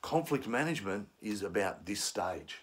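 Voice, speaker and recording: A man's voice: fairly low pitch, very animated, moderate pace, fairly bright tone, husky. A man giving a conflict management lesson, explaining steps and acting out angry commuters. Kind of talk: instructional talk.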